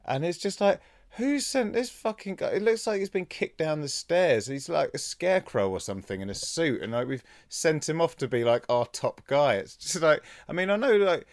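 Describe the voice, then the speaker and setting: A man's voice: fairly high pitch, big pitch swings, moderate pace, hardly any pauses, no room sound. A man chatting casually and laid-back, swearing now and then as co-host. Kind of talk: casual chat.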